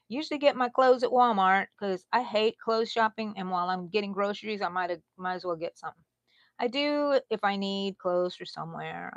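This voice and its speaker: A middle-aged Texan woman hosting a casual crochet livestream, chatty, laughing often and drifting into soft asides. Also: medium pitch, dry recording, dull audio. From Texas. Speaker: crochet channel host.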